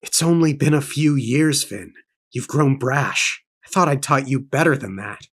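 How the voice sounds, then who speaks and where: A man's voice: mid-range voice, unhurried, a bit bright. A man voicing a young man who claims to be a girl's brother, talking in a stiff, overly formal, scolding way while reading a book aloud. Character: Reen, young man posing as Vin's brother. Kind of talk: read-aloud fiction dialogue.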